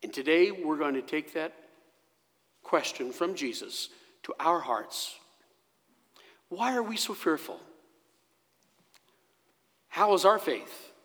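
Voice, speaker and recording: Male pastor, slow dramatic sermon delivery, animated pitch, slightly high voice, reverberant church. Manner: slow, dramatic storytelling with sudden hushed drops. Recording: long echo of a church hall.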